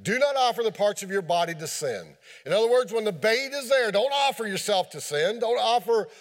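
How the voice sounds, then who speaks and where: A man preaching a sermon in a folksy, animated storytelling way, mixing scripture with homely fishing talk and playful sound effects. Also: sits high, fairly quick. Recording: long hall reverb.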